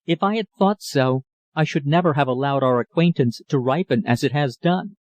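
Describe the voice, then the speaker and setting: Male narrator doing a young woman, grave and cool, raised pitch, dry close read. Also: normal speed, no room sound, lightly acted. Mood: grave, gentle. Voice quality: low, sweet voice. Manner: cool, earnest, regretful.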